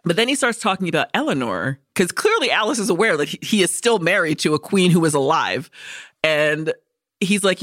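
Bright, profane woman podcast co-host. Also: fairly low pitch, a little fast, no echo, clean studio sound. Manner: profane, animated plot recap with acted-out quotes. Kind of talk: casual movie discussion.

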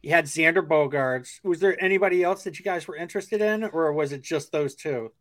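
A man's voice: on the high side, fairly quick, a bit bright. A man hosting a sports podcast, chatting casually and asking questions with lots of fillers and restarts. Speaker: podcast host.

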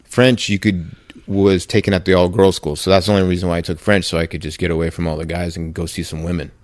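Casting: lowish male voice, casual podcast storyteller, rambling and chuckling. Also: level tone, fast, darkish tone. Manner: rambling, laughing anecdote teller. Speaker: podcast co-host, former ballplayer.

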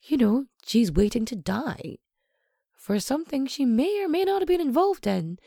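A woman's voice: high voice, sing-song, normal speed, gravelly, mellow, no echo, studio quality. A young woman casually retelling a true crime story, sweary and sarcastic, with lots of asides.

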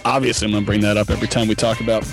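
A man's voice: lowish voice, flat delivery, racing, gravelly, over music. A man hosting a casual sports podcast who teases his co-hosts and steers the conversation. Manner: playful, teasing, steers the talk. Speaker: podcast host.

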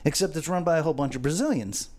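A man's voice: on the high side, very fast, a little mellow. A man co-hosting a casual talk show, rambling and swearing as he tells stories. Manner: rambling, swearing, repeats words. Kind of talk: casual profane banter.

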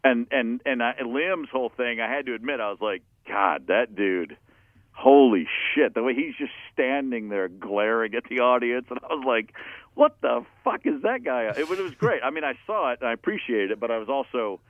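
A man, a musician guest, telling an anecdote in a loose, animated way, swearing often and laughing at himself. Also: mid-range voice, brisk, no echo. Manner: animated, profane storyteller who laughs at himself. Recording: tinny phone-like dry sound.

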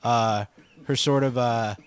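A man's voice: mid-range voice, fairly even intonation, slow pace, smooth. A man co-hosting a podcast, chatting casually and retelling scenes with laughs. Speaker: podcast co-host. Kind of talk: casual chat.

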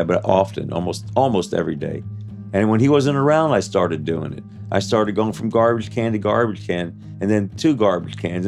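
A man in his seventies telling his life story in an interview, halting and full of restarts and "you know" fillers. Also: fairly low pitch, creaky, darkish tone. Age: 70s.

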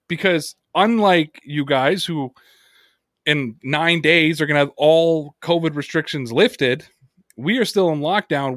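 A man hosting a sports podcast, telling stories in a casual, profane, animated way. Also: a little high, no room sound, studio quality. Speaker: podcast host.

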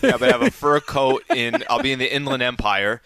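A man's voice: mid-range voice, very animated, fairly quick, creaky, a loud crowd. A man co-hosting a radio show, joking and emphatic in casual banter. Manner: playful, emphatic, repeats himself.

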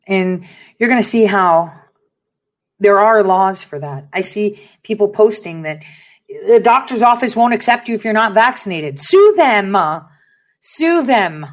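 On her online commentary show, a woman talks politics casually but preachily, hammering points home by repeating phrases. Her voice is medium-pitched and her pace moderate.

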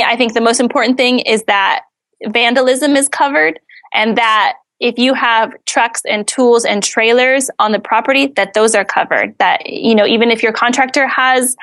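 Candid, earnest woman with a higher voice. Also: normal speed, a bit bright, dry recording. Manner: earnest and candid, with a dry sarcastic streak. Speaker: guest, house flipper. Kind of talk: casual interview answers.

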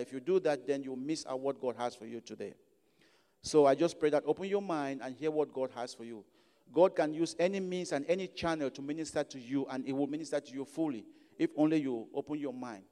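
African-accented male preacher, high mellow voice, emphatic repetition, church hall with long reverb. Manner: emphatic, repeats phrases for stress. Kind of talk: sermon.

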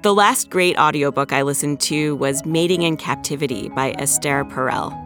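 A woman's voice: sits low, normal speed, music in the background. A woman in her forties, an author and podcaster, talking casually and plainly about her book. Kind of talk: casual spoken reflection.

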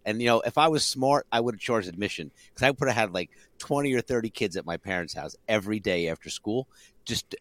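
A man's voice: on the low side, brisk, dry recording. A middle-aged man, a drummer and podcast co-host, chatting casually and animatedly about the music he learned. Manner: animated, hums drum fills. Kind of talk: casual chat.

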